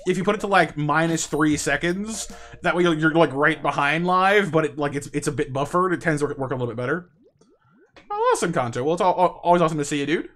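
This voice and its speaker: A man streaming a game with viewers, chatting casually, stumbling over and repeating words, and now and then yelping in high excitement. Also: slight background noise. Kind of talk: casual live-stream chat over gameplay.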